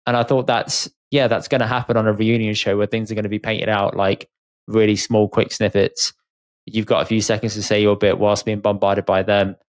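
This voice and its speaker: Speaking briskly in a lowish, level voice, a male podcast co-host keeps the talk casual and full of opinions. He frequently acts out quotes from other people as he chats.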